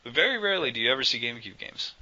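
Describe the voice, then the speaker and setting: A man's voice: medium pitch, big pitch swings, racing, sharp tone, highs cut off. A man co-hosting a casual gaming podcast, rambling and joking with lots of fillers and restarts. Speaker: podcast co-host.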